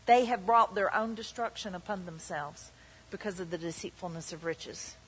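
A woman's voice: on the low side, moderate pace, a little hiss or hum. A woman pastor preaching a sermon with emphatic delivery, acting out the tempter's voice in quotes. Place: church hall. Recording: long reverb of a church hall.

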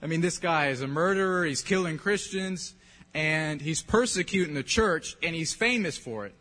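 A man's voice: on the high side, moderate pace, bright, forceful tone. A man preaching a sermon in a casual, joking way, often checking in with his listeners. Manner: joking, conversational preaching with frequent check-ins. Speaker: pastor. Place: church hall. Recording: reverberant hall.

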